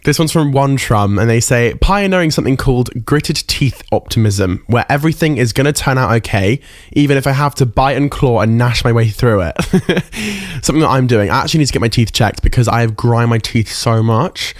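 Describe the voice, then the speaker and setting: A man's voice: mid-range voice, expressive, brisk, no room sound. Young male podcast host, candid and teary, dry close mic. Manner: emotional, candid, swears casually. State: emotional, close to tears. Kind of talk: casual solo podcast reflection.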